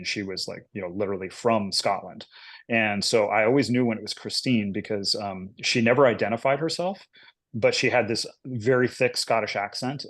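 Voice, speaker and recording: A lowish-voiced man in his forties chatting as an interview guest about his illustration work. He rambles along easily and fills his sentences with little fillers. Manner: rambling, filler-heavy storytelling. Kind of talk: casual interview chat.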